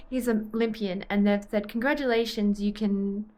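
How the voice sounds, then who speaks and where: A young Australian woman, a vlogger and triathlete, chats casually to the camera about her day, rambling and getting sidetracked easily. Her voice is medium-pitched and a little mellow, with a steady tone, normal speed, and hardly any pauses.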